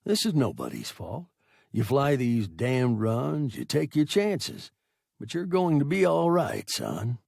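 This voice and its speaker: A man reading a gruff tough space captain. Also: medium pitch, wildly swooping pitch, slow pace, no room sound, clean studio sound, full character voice. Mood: firm. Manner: firm, trying to sound soft.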